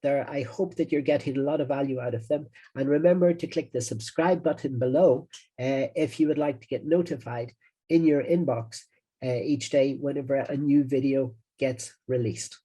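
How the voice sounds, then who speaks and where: A middle-aged man with an Irish accent, hosting an online marketing lesson in a chatty, rambling sales-pitch manner. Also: normal speed, dark tone, husky. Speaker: digital marketing coach.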